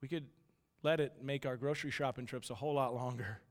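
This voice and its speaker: A man's voice: medium pitch, steady tone, fast. A man in his thirties preaching a casual sermon, chatty and full of restarts, telling family stories. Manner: conversational, restarts often, acts out voices in anecdotes. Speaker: pastor. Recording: long hall reverb.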